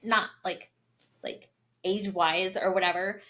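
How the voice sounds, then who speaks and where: A woman's voice: lowish voice, measured pace. A woman co-hosting a book review, chatting casually and gushing, with lots of "like" fillers. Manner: gushing, animated, many "like" fillers. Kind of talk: casual chat.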